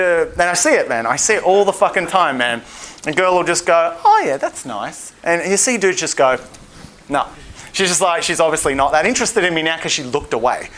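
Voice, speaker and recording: A man's voice: a little high, lively intonation, brisk, a bit bright. A young Australian man giving a seminar talk as a dating coach, blunt and profane, acting out quotes in a livelier voice. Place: seminar room.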